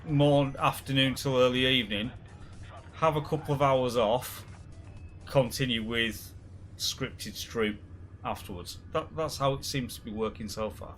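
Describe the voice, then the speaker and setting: A man hosting a live game stream chats casually with friends while gaming, joking and rambling with frequent laughs. His voice is medium-pitched and a bit bright, a little slow, with soft background music.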